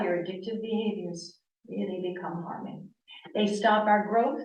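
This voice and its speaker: A woman in her sixties, from the northern United States, speaking as a guest speaker on yoga and telling personal stories in an animated way, acting out the dialogue she quotes. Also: medium pitch. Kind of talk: personal storytelling talk. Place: church hall. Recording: echoey room, distant mic.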